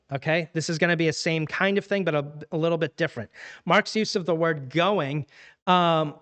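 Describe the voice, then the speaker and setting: A man's voice: a little high, a bit bright. A man teaching a church Bible class in a casual, conversational way, acting out everyday dialogue to make his points.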